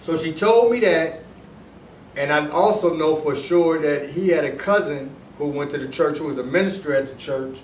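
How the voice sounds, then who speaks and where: A man's voice: a little high, moderate pace. Rambling man, echoey room from far off. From Detroit. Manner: rambling, repeats himself, restarts sentences. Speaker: storyteller recounting his past. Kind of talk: casual personal storytelling. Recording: echoey room, voice heard from off the mic, faint noise.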